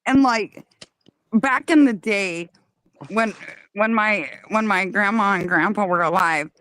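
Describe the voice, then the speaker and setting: A woman co-hosting a casual chat on a remote call, telling a family story with animated asides. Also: mid-range voice, takes it slowly, dry recording. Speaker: co-host. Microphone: remote call mic.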